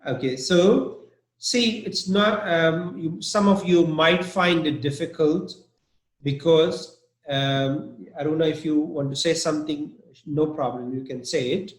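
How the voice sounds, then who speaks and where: A man teaching English vocabulary, slowly repeating each word over and over for his students. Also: fairly high pitch, fairly even intonation, roomy sound, poor audio. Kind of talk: online vocabulary lesson.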